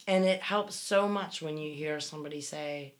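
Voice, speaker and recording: A woman's voice: low-pitched, normal speed. A woman co-hosting a casual podcast, reading listener messages and talking frankly, swearing freely. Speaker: podcast co-host.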